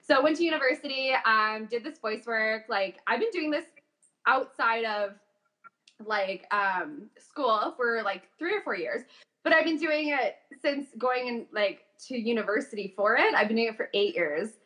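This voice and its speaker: A young woman chatting as an interview guest, telling stories in a lively way with plenty of fillers. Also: on the high side, moderate pace. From Calgary, Canada. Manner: chatty, animated storytelling with frequent fillers. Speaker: guest, voice actor and coach. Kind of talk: casual interview chat.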